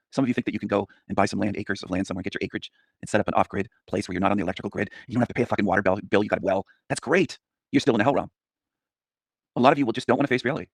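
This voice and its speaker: A man's voice: fairly low pitch, vocal fry, a bit bright, no echo. A man ranting contemptuously at his audience in a scolding, repetitive monologue as a channel host.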